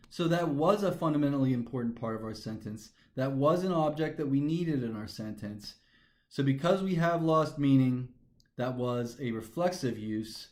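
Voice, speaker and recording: A man's voice: mid-range voice, darkish tone. A man teaching a grammar lesson, methodically talking through each step aloud. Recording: echoey room.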